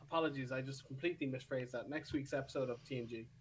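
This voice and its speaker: A man's voice: mid-range voice, fast, a little hiss or hum. A man co-hosting a casual podcast review on a remote call. He talks with eager, stammering restarts. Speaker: podcast co-host. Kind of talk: casual chat, reviewing a TV episode.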